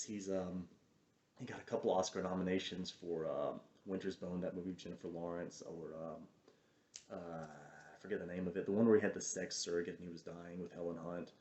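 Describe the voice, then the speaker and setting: A man's voice: deep voice, darkish tone. A man giving a casual, chatty film review, wandering off on tangents and trailing off as he hunts for titles. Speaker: movie reviewer. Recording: roomy, slightly dull lo-fi sound.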